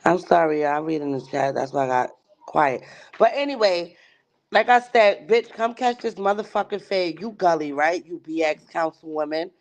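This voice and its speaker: A woman's voice: sits low, lively intonation, normal speed. A woman hosting a livestream and ranting, profane and heated, often mocking other people's voices. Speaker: livestream host. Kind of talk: livestream rant. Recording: dull lo-fi stream audio.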